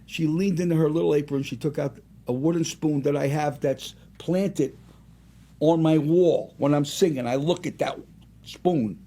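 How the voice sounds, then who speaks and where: Gravelly-voiced man around seventy. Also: a little high, normal speed. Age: about 70. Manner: animated, rambling anecdotes. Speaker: singer and restaurant owner, guest. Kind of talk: casual storytelling interview.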